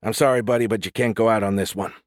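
A man's voice: on the low side, fairly even intonation, quick pace, no echo, clean studio sound, natural voice. A man voicing a firm, wry male squad leader in an audiobook. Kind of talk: audiobook character voice.

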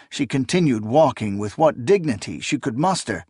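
A man narrating a story in measured, dramatic scripted narration. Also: medium pitch, lively intonation, darkish tone, breathy edge, no room sound, clean studio sound. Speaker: audiobook narrator.

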